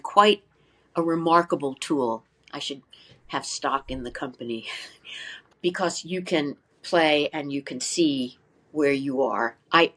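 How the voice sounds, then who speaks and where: An older woman, a flute teacher, speaks as a guest in an interview. She explains practice methods in a lively way, asks many rhetorical questions, and sings short syllables to demonstrate. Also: deep voice.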